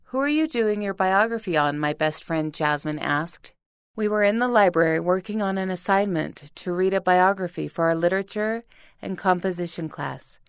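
Female narrator, earnest steady story reading, lower pitch, dry booth sound. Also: clean tone, dry recording. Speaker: reader. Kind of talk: scripted narration of a first-person story.

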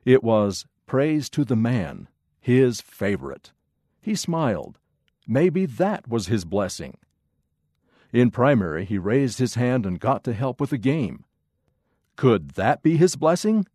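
A man narrating a children's story in an expressive, measured way. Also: medium pitch, no echo, studio quality.

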